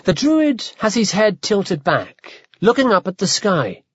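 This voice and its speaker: A male narrator reads a story aloud with lively, shifting pitch and a slightly husky tone. The recording is dull and dry. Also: dry recording. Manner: vivid, measured storytelling. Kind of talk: audiobook narration.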